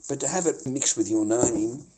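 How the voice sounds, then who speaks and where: A man's voice: mid-range voice, normal speed, mellow. A middle-aged man ranting angrily on a livestream, swearing and repeating himself. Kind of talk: angry livestream rant.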